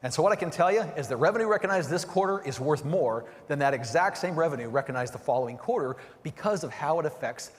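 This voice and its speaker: A middle-aged man giving an energetic keynote on sales, often checking in with the audience by asking "right?" and "okay?". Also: on the high side, fast talker, few pauses. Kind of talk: motivational keynote presentation. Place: large conference hall. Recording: long hall reverb.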